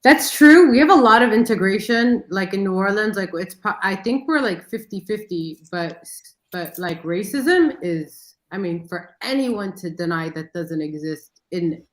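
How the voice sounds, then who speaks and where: A woman's voice: mid-range voice, expressive, measured pace, few pauses. A woman chiming into a casual chat, hesitant and trailing off. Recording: echoey room.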